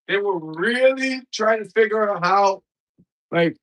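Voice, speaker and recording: A man with a high voice chats on his livestream, loose and slangy, drifting from thought to thought. His tone is bright and forward. He keeps breaking off to greet viewers in the chat by name. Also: expressive, measured pace, low-quality recording. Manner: rambling, talks straight to viewers in chat; loose, slangy everyday speech. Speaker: livestream host.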